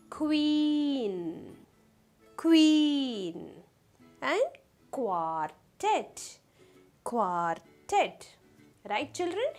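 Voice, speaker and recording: High, lively teacher. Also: female voice. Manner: slow and deliberate, sounding out letters, asking the children questions. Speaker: kindergarten teacher. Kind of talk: phonics lesson for young children.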